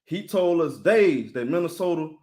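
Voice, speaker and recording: A man talks loosely and energetically, as if running his own live sports stream. His voice sits a little high for a man. He keeps turning to address his viewers directly. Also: moderate pace. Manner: animated, talks straight to chat viewers, shouting them out.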